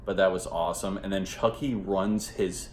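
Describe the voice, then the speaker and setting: A man's voice: low voice, fairly even intonation, normal speed, echoey room, slight background noise. A man giving a casual spoken movie review, rambling and profane, with lots of filler words.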